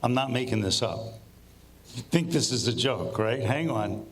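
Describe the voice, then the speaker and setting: A man's voice: medium pitch, animated, moderate pace, husky. A man, a priest, telling a funny anecdote to an audience, with asides that build suspense.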